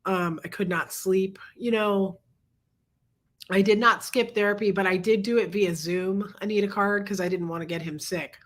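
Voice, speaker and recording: With fairly even intonation and a moderate pace, a sick woman hosts a relaxed livestream in a low, husky, congested voice. She keeps chatting and greeting viewers by name, stopping to cough.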